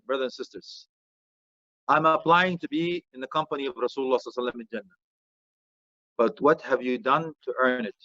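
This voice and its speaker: Animated preacher. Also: male voice, fairly high pitch, no echo, highs cut off. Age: middle-aged. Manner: animated, joking, mixes Arabic phrases. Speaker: Islamic preacher. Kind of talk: lively sermon.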